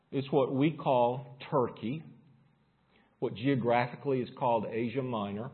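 Husky-voiced man preaching a sermon. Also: medium pitch, narrow, tinny audio. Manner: reads scripture aloud with rising force. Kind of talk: sermon with scripture reading. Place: church service room.

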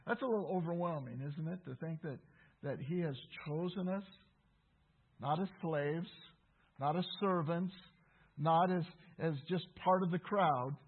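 A man's voice: a little high, unhurried, husky. A man preaching a sermon, earnest and emphatic, repeating key phrases for weight. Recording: tinny phone-like sound.

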